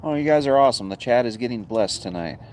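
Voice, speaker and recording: A man's voice: mid-range voice, animated, fast, a little mellow, slight background noise. A man hosting a casual livestream chat outdoors by a backyard bonfire, talking in an easygoing, rambling way and chuckling often. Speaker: livestream host. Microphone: phone.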